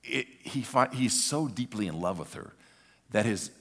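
Older man, pastor, sermon, animated storytelling, repeats words, mid pitch, long hall reverb. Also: normal speed.

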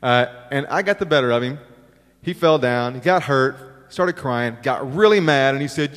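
A man's voice: medium pitch, normal speed, fairly bright tone. A middle-aged man preaching a sermon, telling stories with self-deprecating humor and acting out the quotes. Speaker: pastor. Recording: long reverb of a large hall.

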